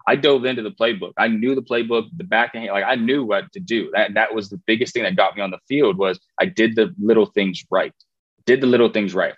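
A man's voice: fairly low pitch, husky, dry recording, muffled recording. A man in his twenties, a former college football player, telling his story in a casual interview, rambling with fillers and restarts.

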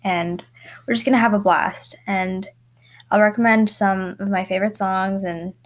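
A woman's voice: mid-range voice, steady tone, normal speed. A teenage girl hosting her own podcast from home, chatting casually and rambling with lots of fillers and little laughs. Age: teens. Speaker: podcast host. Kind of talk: casual solo podcast chat. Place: bedroom at home.

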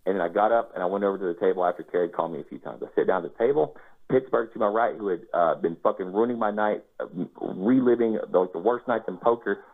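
A man telling a casual first-person anecdote, swearing freely and acting out his own quoted lines. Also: on the low side. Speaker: storyteller. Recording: tinny phone-like sound.

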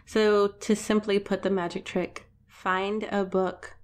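A woman cohosting a podcast who speaks slowly and relaxed, often in short replies. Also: mid-range voice. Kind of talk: casual podcast interview.

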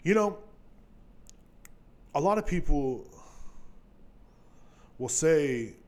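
Male podcast host, slightly high voice, foul-mouthed rant with sudden loud bursts. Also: lively intonation, extremely slow. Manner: profane, ranting, swings between mutters and loud outbursts. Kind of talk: casual solo podcast rant.

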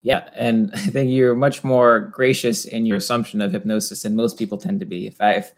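A man who works as a stage hypnotist, telling stories in an interview in an animated way, often laughing and acting out voices. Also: on the low side, fairly quick. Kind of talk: conversational interview storytelling.

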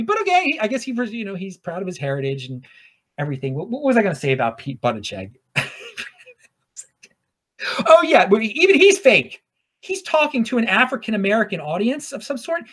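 A man's voice: high-pitched, fairly bright tone. A man from Baltimore hosting his own show in a rambling, off-the-cuff casual monologue. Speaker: show host.

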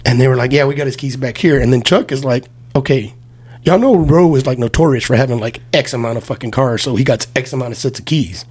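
A man's voice: medium pitch, fast talker, breathy edge. A man telling profane drinking stories in casual podcast chat, acting out the quotes as he goes. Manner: profane, animated storytelling with acted-out quotes.

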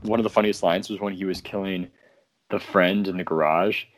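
A man's voice: low-pitched, steady tone, fairly quick. A young man casually sharing favorite movie quotes, amused, with plenty of "um.". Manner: amused, filler "um", quoting lines.

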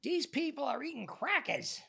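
A shrill, stubborn old patient in his nineties who is long past reason. The voice climbs far above the storyteller's own and stretches each word slowly. It keeps a gravelly edge throughout. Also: huge pitch swings, full character voice. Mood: accusing. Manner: stubborn, shouting, drawn out. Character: cranky male patient in his nineties with dementia.

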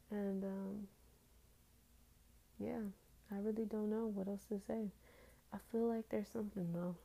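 A woman's voice: medium pitch, gravelly, warm tone. A tired woman hosting a casual, rambling faith talk, trailing off into fillers.

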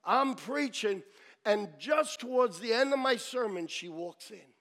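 A man preaching a sermon as pastor, telling a story dramatically, dropping to a hush and then rising to shouts. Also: very high-pitched, lively intonation, measured pace.

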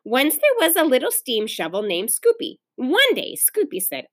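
A woman teacher reading a children's novel aloud to her class, pausing to talk to the children. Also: high-pitched. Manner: expressive storytelling, pauses to explain to children.

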